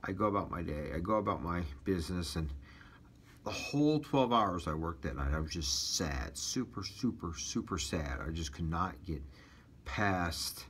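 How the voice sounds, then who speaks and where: A man's voice: low-pitched, animated, normal speed, fairly bright tone, a little hiss or hum. A man telling his personal testimony as a taxi driver, rambling casually with many fillers and restarts.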